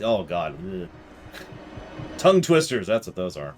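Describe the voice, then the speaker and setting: A man's voice: low-pitched, big pitch swings, measured pace, pauses often. A man streaming a video game, chatting along with sarcastic asides. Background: game music.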